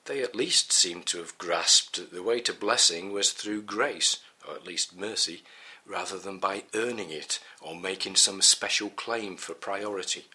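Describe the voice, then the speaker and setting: A middle-aged man reading a Bible teaching in a measured, earnest way. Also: low voice, bright, forceful tone. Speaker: preacher.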